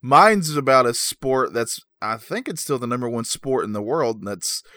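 A man co-hosting a casual podcast, talking in a mid-range voice. He tells his story in a relaxed, self-deprecating way, full of "uh" and "um". The sound is dry and close to the mic. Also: mid-range voice, moderate pace, dry recording. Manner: easygoing, self-deprecating with frequent fillers. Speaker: podcast co-host.

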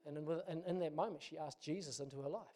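A man's voice: a little high, fast, a little mellow, faint music behind. A middle-aged man, preaching as a pastor and telling a personal story in a conversational, self-deprecating way.

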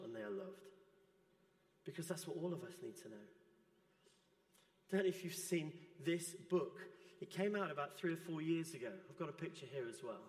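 A man preaching a sermon in a church, his voice sitting a little high for a man. He speaks in a gentle, earnest way. The sound rings with long echo around a big hall.

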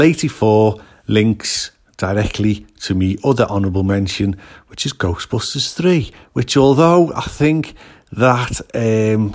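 Slow, low-voiced joking Englishman. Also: darkish tone. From England. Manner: jokey, rambling, puts on silly accents. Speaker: guest contributor. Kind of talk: casual recorded message.

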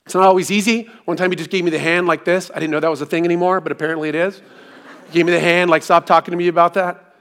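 A man delivers a sermon in a relaxed, chatty manner, his voice sitting a little higher than most men's. He poses rhetorical questions to the congregation and slips into humorous personal stories. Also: very fast. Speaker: pastor.

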